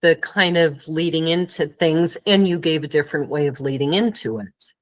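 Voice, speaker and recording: A woman's voice: low voice, moderate pace, low-quality recording. A woman hosting a podcast who grew up in Germany, musing thoughtfully and asking long questions in casual conversation. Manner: thoughtful, asks questions at length. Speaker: podcast host.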